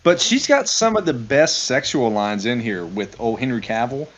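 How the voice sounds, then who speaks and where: A man's voice: mid-range voice, sing-song, moderate pace. A man co-hosting a podcast, recapping a movie's plot with wry asides in casual chat. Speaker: podcast co-host.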